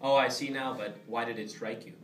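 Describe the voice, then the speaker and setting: A man's voice: mid-range voice, fairly even intonation, brisk, natural voice. A young man playing a blunt, dismissive company boss interviewing applicants in an amateur comedy sketch. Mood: businesslike. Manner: dry and dismissive, turning insulting. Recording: roomy, distant, faint background noise.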